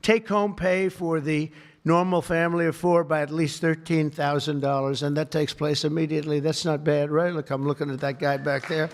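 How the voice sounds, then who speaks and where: A man's voice: a little high, flat delivery, moderate pace. A man giving an off-the-cuff public speech to a live audience, rambling and repetitive, with many superlatives and asides. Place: event hall with a live audience.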